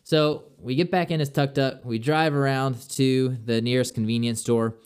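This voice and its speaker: A man's voice: medium pitch, steady tone, normal speed, a little mellow, smooth. A young man casually telling a personal travel story, chatty and loose, full of "like" and "I'm like".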